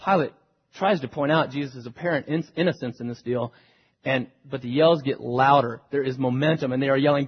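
A man preaching a sermon, retelling a scripture story dramatically and swinging between hushed and loud delivery. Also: medium pitch, fairly quick, husky. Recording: dull recording with long hall reverb.

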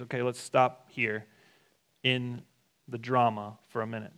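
A man preaching a sermon, reading scripture and retelling it in lively casual paraphrase. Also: mid-range voice, unhurried, creaky. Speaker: pastor.

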